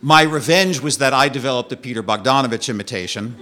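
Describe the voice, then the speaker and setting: A man telling a personal story as a monologue, with a wry, animated delivery that drops low and quiet for the darker parts. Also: quick pace, a little hiss or hum.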